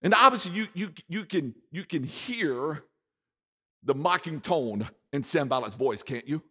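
Lively preaching man in a hall. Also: on the high side, measured pace, husky. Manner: emphatic, repeats key words, varies volume dramatically. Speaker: pastor. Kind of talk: sermon. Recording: echoey hall reverb.

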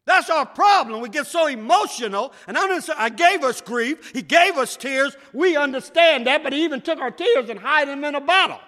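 A man preaching a sermon, shouting at times and swinging between loud and soft. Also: animated, fairly quick, hardly any pauses. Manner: preaching with shouts and wide swings in pitch and loudness. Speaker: pastor. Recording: echoey hall.

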